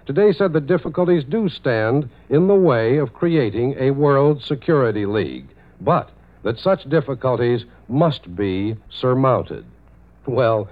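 Man reading 1940s radio news over a tinny line. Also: mid-range voice. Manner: measured, declamatory newscaster delivery. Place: conference city studio or booth. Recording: tinny, narrow-band 1940s radio broadcast.

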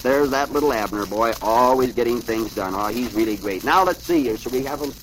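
A man's voice: medium pitch, fairly quick, a little hiss or hum, rough recording. A man hosting a show who reads comic strips aloud to children, chatty and chuckling, with asides to his listeners. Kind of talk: lively read-aloud of funny papers.

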